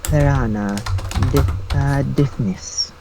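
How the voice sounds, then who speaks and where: Slow laid-back man, dull lo-fi mic. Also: mid-range voice, background noise. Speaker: player. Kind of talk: casual tabletop game chat.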